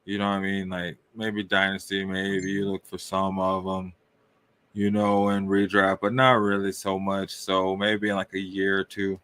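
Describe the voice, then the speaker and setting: With a deep, smooth, slightly bright voice and a completely flat delivery, a man hosts a casual fantasy football podcast at a moderate pace. His talk is loose and rambling, dotted with questions, shrugging asides, "right?" and "I don't know."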